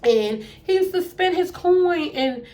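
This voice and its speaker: Animated woman telling a storytime. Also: takes it slowly. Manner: animated, quotes people in lowered voices. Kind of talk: casual storytime.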